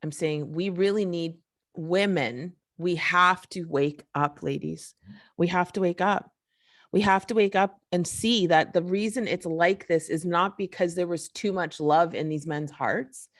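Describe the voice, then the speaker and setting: A woman's voice: on the low side, unhurried. A woman hosting a solo podcast, ranting in a frustrated, emphatic, profane way. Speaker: podcast host. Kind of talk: casual solo podcast rant.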